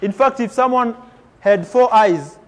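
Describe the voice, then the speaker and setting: A man giving an energetic motivational talk to students in a school hall, leading call-and-response chants. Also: extremely high pitch, measured pace. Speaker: motivational speaker. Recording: reverberant hall with crowd.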